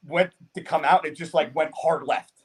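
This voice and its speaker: Profane, animated young man telling a story. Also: fairly high pitch, brisk, slightly rough. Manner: profane, animated storyteller who often laughs mid-sentence. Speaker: guest, professional bodybuilder. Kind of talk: casual podcast storytelling.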